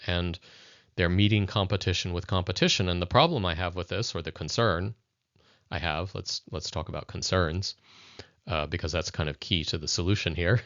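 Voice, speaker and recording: Low-voiced male educator, reflective and direct with viewers, on a dull, dry lo-fi recording. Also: a bit bright, no room sound. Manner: thoughtful, addresses viewers directly. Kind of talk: conversational video lesson.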